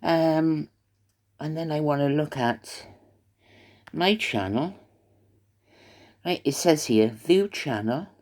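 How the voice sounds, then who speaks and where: Rambling older woman, lowish voice. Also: takes it slowly, pauses often, darkish tone. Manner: rambling, gossipy, hesitant with fillers. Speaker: YouTuber. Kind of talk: casual chat to camera. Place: retirement home, indoors.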